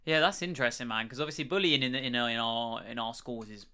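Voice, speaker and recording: A man's voice: medium pitch, fast talker, bright, forceful tone, clear, resonant tone. A young British man with a British accent, rambling in a casual chat with lots of "like" and free swearing. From Britain. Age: young adult. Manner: rambling, swears freely, many likes.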